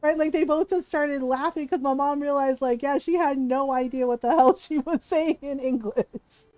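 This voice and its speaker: A high-pitched woman hosting a livestream from her home setup, a native Tagalog speaker telling a family story. She is animated, breaks into laughter often and swears freely. Her voice sits close and dry on the mic. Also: moderate pace, no room sound, poor audio. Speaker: livestream host.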